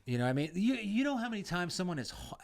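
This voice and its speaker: A man from the United States co-hosting a casual podcast chat, telling stories with lots of swearing and sudden jumps in pitch and loudness. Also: racing. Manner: profane, animated storytelling with swings in pitch and loudness. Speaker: podcast co-host, veteran.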